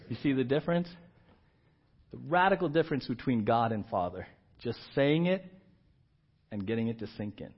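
A male pastor preaching a sermon, moving between loud emphatic repeats and hushed asides. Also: medium pitch, expressive, moderate pace, long pauses. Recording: dull lo-fi church recording.

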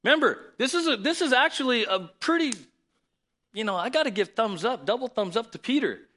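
Lively, bright-voiced male pastor. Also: extremely high pitch, a little fast. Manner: lively, conversational preaching with sudden loud emphasis; reads scripture aloud. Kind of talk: sermon.

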